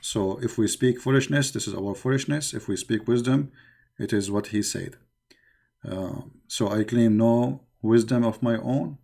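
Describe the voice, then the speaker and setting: Gravelly dark-voiced man host. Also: medium pitch, measured pace. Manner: plain speech with many fillers and repetitions. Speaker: host of a call-in show. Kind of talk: casual closing talk to listeners on faith.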